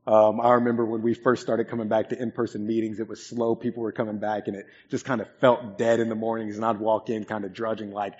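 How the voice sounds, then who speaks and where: A man's voice: medium pitch, a little fast, a little mellow, breathy edge. A man in his twenties preaching a sermon as pastor, earnest and conversational, with frequent "um"s. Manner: earnest, conversational storytelling with many fillers. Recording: echoey hall, dull lo-fi sound.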